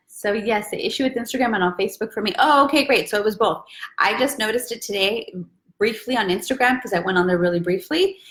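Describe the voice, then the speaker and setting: A woman's voice: mid-range voice, fairly bright tone, reverberant. A woman hosting a casual live stream, upbeat and chatty as she greets viewers by name. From Southern California.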